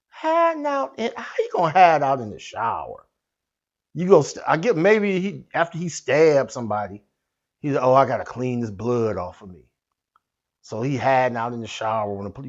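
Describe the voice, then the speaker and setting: A man's voice: on the high side, dull audio. A man hosting a satirical news show, telling the story as a dramatic, slangy comedic rant.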